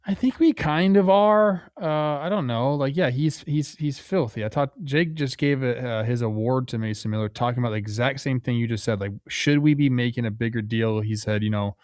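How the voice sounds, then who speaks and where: Relaxed, hesitant man talking baseball. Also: mid-range voice, normal speed, hardly any pauses, dry recording, studio quality. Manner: relaxed, hesitant, many fillers and restarts. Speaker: co-host. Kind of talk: casual sports talk.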